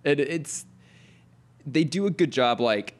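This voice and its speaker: A man's voice: fairly high pitch, lively intonation, slow. Chatty man talking cartoons. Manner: chatty, lots of fillers, laughs often. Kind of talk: casual chat about a cartoon episode.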